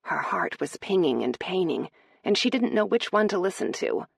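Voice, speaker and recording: A woman reading a romance audiobook aloud in a steady, measured narration. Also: fairly low pitch, gravelly, husky, no echo, clean studio sound.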